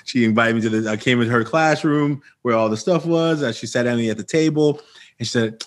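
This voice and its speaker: A man's voice: medium pitch, brisk. A middle-aged man from Oakland, California, telling his life story as a podcast guest and acting out old conversations with energy. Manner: animated storyteller acting out past dialogue. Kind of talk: storytelling interview.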